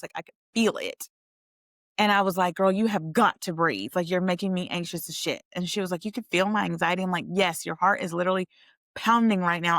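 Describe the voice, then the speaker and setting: A young woman telling a personal story in a chatty, animated way, talking straight to her viewers. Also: fairly low pitch, vocal fry, no room sound, studio quality. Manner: chatty, animated, addresses viewers as you guys. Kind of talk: casual storytelling to camera.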